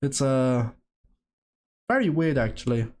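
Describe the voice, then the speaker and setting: A man's voice: medium pitch, lively intonation, unhurried, a little mellow. A man from Great Britain and Germany chatting casually on a live stream, rambling while he works and answering viewers' questions.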